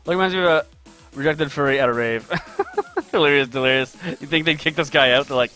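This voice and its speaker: Brief: upbeat male streamer, bright voice, chatty and greeting viewers, light music underneath. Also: on the high side, a little fast. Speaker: game dev artist streaming live. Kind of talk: casual live-stream chat while drawing.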